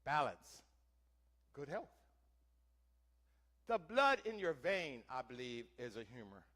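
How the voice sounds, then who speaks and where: A man's voice: medium pitch, very animated, takes it slowly, bright, forceful tone. A man doing a first-person historical reenactment for a live audience, playing a wagon teamster and quizzing listeners with questions in a theatrical way. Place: church hall, before an audience.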